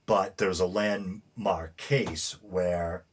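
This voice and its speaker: A podcast host with a New England accent reads news stories aloud as casual commentary, his deep, steady voice moving extremely slowly. He fills the reading with fillers and wanders into indignant, rambling asides.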